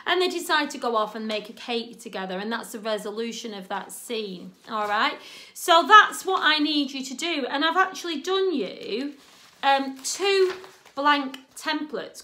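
A woman teaching a drama and writing lesson, chatty and animated, often checking in with "okay?". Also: high-pitched. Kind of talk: instructional talk.

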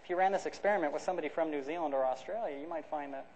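A man's voice: on the high side, very fast, a little mellow, a little hiss or hum. Man, academic lecture, conversational, explanatory, fillers and restarts, dull lo-fi sound. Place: lecture hall.

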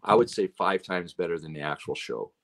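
Guy with a lowish voice, rambling stories, lots of "right?". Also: expressive, fairly quick. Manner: rambling anecdotes full of "you know" and "right?". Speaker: road manager and guest. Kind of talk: casual chat.

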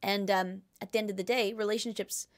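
A woman's voice: medium pitch, flat delivery, fairly quick. A young woman hosting a podcast, reading out listener questions and giving casual, jokey advice full of fillers and asides.

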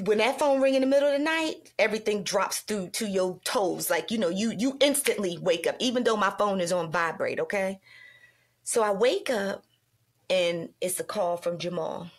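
Middle-aged woman host, lively storyteller, jumps high when quoting others. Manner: animated, acts out quoted dialogue with big pitch jumps. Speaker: podcast host. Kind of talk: casual storytelling conversation.

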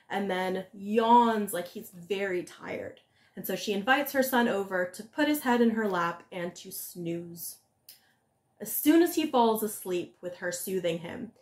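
Woman telling a fairy tale casually. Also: mid-range voice. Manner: lively, conversational. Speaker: storyteller. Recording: echoey room.

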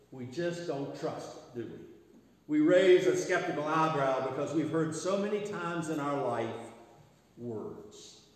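Male pastor, sermon, fairly high voice, big echoing sanctuary, long reverb, repeats phrases, trails off softly. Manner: rhythmic repetition, quiet trailing phrase ends. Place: church sanctuary.

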